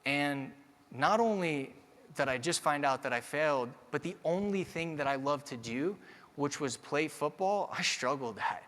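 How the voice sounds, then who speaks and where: A man delivering a motivational keynote, his voice sitting a touch higher than most men's. He tells his story to the crowd and builds toward energetic calls to action. The sound trails off in a long hall reverb. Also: unhurried. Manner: personal storytelling that builds to energetic audience address. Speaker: keynote speaker.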